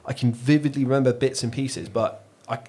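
A man's voice: mid-range voice, a little fast. English man swearing through a pub story. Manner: swearing, animated anecdote telling. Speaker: podcast host. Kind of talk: casual chat.

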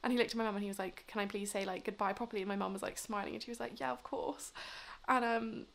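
Late at night, tired and drunk, a twenty-something woman talks to camera for her vlog in a chatty ramble packed with fillers. Her medium-pitched voice is creaky and steady in tone, and she speaks fast.

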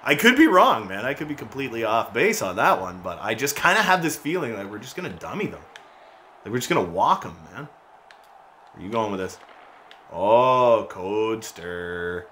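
A man calls out his own hockey video game play in a loose, excitable commentary style. His pitch swings widely, and his voice has a bright, forceful edge. There is a faint hiss of noise under it. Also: normal speed. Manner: excitable, mocking teammates, frequent laughs and shouts. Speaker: gaming YouTuber. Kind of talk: casual gameplay commentary.

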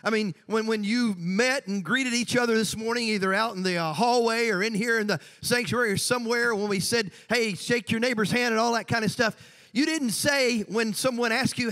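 A woman's voice: a little high, fairly quick, fairly bright tone, long reverb tail. A woman pastor preaching a sermon in a church sanctuary, conversational, with joking asides to the congregation.

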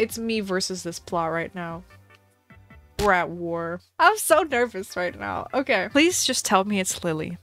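A woman streamer giving dramatic, excitable live commentary on her gameplay, talking to herself as she plays. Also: mid-range voice, dry recording.

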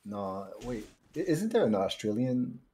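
A man's voice: medium pitch, sing-song, measured pace, mellow. A guy streaming a shooter with friends, goofy and teasing, loops the same silly line over and over, voice sits mid-range for a man, slight hiss behind him. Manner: joking, teasing, repeats phrases for laughs. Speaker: streamer playing a shooter game. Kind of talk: casual gaming chat with friends.

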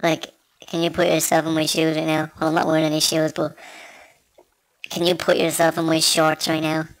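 A man's voice: on the high side, monotone, moderate pace, no echo. A man with a Dublin Irish accent rambles through casual gameplay commentary into a small desktop microphone, cracking crude, self-mocking jokes. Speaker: gamer.

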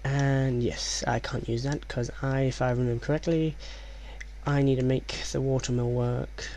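Hushed gravelly-voiced man playing a game. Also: level tone, normal speed, slight background noise. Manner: hushed, keeps voice low; rambling, reads game text aloud. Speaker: let's play commentator. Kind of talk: let's play commentary.

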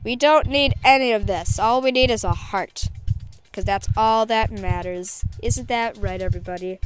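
A woman's voice: on the high side, moderate pace, soft background music. A woman doing goofy, rambling let's play commentary, joking with her patient as she goes. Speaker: gameplay commentator.

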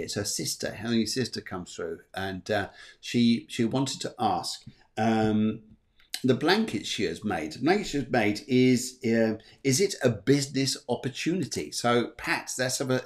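A man hosting a live psychic show, giving readings in a chatty, rambling way, correcting himself often and joking between readings. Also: medium pitch. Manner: rambling, self-correcting, jokey, many fillers. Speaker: psychic medium and show host.

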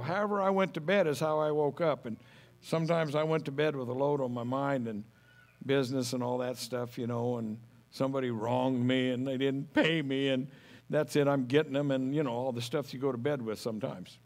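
A man's voice: mid-range voice, steady tone, brisk. A middle-aged man preaching a sermon as pastor, folksy and homespun, telling stories with humor.

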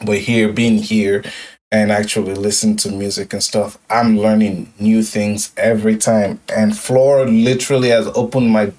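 A man's voice: fairly low pitch, level tone, unhurried, a little mellow, recorded from a distance. A young man hosting a music reaction video, emotional and repetitive, with lots of yo and like. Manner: emotional, repeats phrases, says yo and like. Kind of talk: casual reaction commentary.

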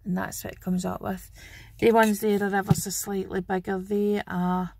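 Husky, gravelly Scottish woman, chatty. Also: medium pitch, level tone, moderate pace, darkish tone, dry recording. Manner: chatty and homely, fond of 'wee'. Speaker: craft channel host. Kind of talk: casual show-and-tell haul video.

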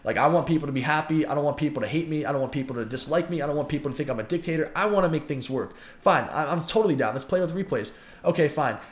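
A man's voice: on the high side, animated, racing, reverberant. A man in his twenties venting his frustration in a heated, repetitive vlog monologue. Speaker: YouTuber and pro gamer.

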